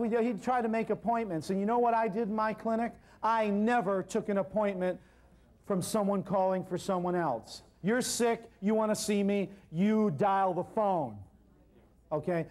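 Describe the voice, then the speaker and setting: A man giving an animated seminar talk, telling a story and addressing the audience directly. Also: sits high. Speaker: natural healing speaker.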